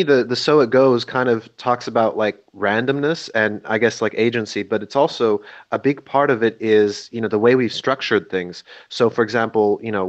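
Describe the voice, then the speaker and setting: Man, hesitant, halting, casual group discussion, dull call audio. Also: medium pitch. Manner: hesitant, many fillers and restarts. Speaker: book club participant.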